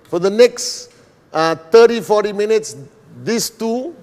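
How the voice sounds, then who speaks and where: A middle-aged man from Malaysia giving a motivational business presentation, speaking slowly and deliberately with frequent "all right" and "okay". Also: high-pitched, a little mellow, smooth. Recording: long hall reverb.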